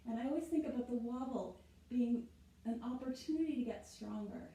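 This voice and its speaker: Her voice is on the high side, a little fast, dark-toned, with lively intonation and vocal fry. She's a yoga instructor leading a class, demonstrating poses as she talks, often checking in with "right?", and slightly breathless from moving. The audio is poor and echoey.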